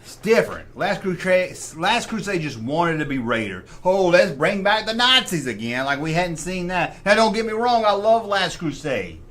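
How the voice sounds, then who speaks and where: A middle-aged man hosts a casual livestream chat, his high-pitched voice moving at normal speed with few pauses. Animated and opinionated, he talks to himself as he works through his choices.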